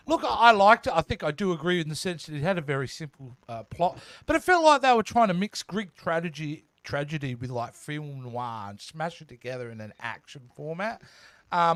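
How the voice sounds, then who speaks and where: A man's voice: a little high, a bit bright, dry recording. A man co-hosting a TV review podcast, chatting casually and with enthusiasm, often restarting his sentences. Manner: enthusiastic, frequent restarts and fillers. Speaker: podcast co-host.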